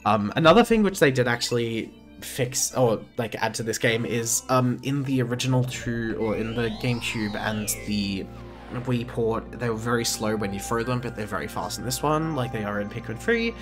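A man's voice: mid-range voice, expressive, moderate pace. A man in his twenties giving casual let's-play commentary, rambling and easily sidetracked, full of fillers and restarts. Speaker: gaming channel host. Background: game music.

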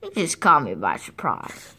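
A woman voicing a nervous, soft-hearted fox in a storybook reading, hesitant and flustered. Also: deep voice, huge pitch swings, normal speed, a little hiss or hum, pitched below the performer's own voice, exaggerated voice.

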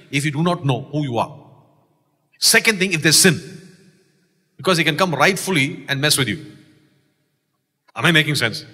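Speaking in a slightly high, husky voice with a Malaysian English accent, a pastor gives an exuberant sermon in the church sanctuary. He shouts key lines and invites the congregation to respond, and the recording has a long church reverb.

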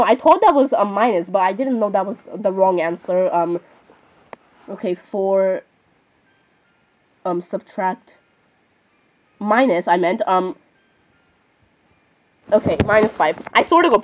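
A woman's voice: mid-range voice, expressive, unhurried, long pauses, rough recording. A woman chatting casually while playing a game, often apologizing and saying "literally". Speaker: gamer. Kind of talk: casual gameplay commentary.

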